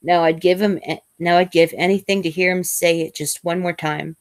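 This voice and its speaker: A woman with a low, deep-set voice reads a first-person novel aloud, measured and unhurried, now and then stumbling and restarting a phrase. The sound is dry and close, with no room around it. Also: fairly even intonation, dry recording. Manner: measured reading with small slips and restarts. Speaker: host reading a novel aloud.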